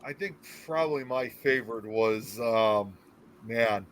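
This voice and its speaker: A man's voice: lowish voice, unhurried, fairly bright tone, a little hiss or hum. A man on a podcast answering casually, hesitant and easygoing. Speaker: podcast co-host. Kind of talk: casual chat.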